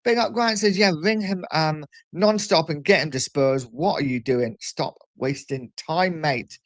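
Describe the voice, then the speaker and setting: A man's voice: a little high, a little slow, no echo. Chatty man, dry close sound. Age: middle-aged. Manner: chatty, reads viewer messages aloud. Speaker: livestream host. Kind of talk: casual live chat reading comments.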